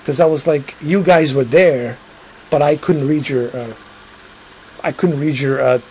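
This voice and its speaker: A man's voice: on the high side, a little slow, a little mellow, a little hiss or hum, rough recording. A man hosting a livestream, chatting casually and rambling to his viewers, swearing now and then. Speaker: livestream host.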